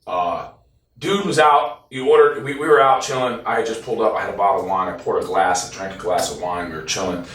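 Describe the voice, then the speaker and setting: A man's voice: on the low side, brisk. Blunt, cursing man, roomy and distant. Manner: blunt, profane, animated retelling with quoted voices. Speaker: interviewee, former team member. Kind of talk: casual interview storytelling. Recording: roomy echo, distant from the mic.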